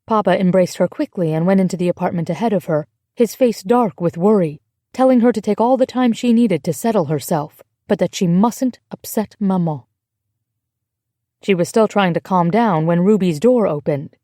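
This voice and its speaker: Woman audiobook narrator, mellow, dry studio sound, measured delivery. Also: lowish voice, no room sound. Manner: measured, emotive storytelling. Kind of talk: scripted narration.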